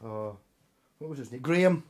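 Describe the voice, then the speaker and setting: A musician with a Scottish accent talks casually with viewers on his livestream, rambling, cursing and chuckling. His medium-pitched voice is expressive and moves at a moderate pace.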